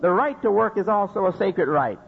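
A man's voice: high voice, sing-song, moderate pace, gravelly, slightly rough. A man preaching a sermon, repeating phrases for emphasis and asking rhetorical questions. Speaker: Muslim preacher. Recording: dull lo-fi recording with faint noise.

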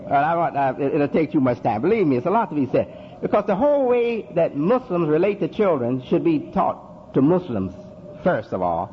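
A man's voice: a little high, very animated, moderate pace. A man preaching a sermon, repeating phrases for emphasis and asking rhetorical questions. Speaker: Muslim preacher. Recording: dull lo-fi recording with faint noise.

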